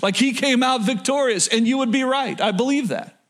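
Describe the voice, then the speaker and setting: Male pastor, high voice, emphatic sermon delivery, repeats key lines. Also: moderate pace, a bit bright. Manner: emphatic, repeats phrases, addresses congregation directly. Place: church in front of a congregation.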